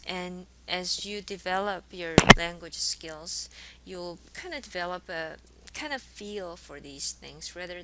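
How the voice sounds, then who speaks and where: Woman prof walking through grammar patiently, kinda crackly fry in her voice, bit of hum. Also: fairly low pitch, bright, forceful tone. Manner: explains patiently, models sentences, restarts words. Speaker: Korean language teacher. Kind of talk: recorded classroom lecture. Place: college course recording.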